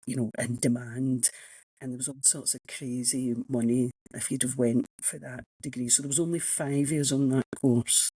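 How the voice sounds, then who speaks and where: A woman's voice: very deep voice, fairly even intonation, moderate pace, dark tone, slightly rough, no room sound, poor audio. A Scottish woman in her sixties, an economics professor telling frank, self-mocking stories as a guest in a casual interview. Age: 60s.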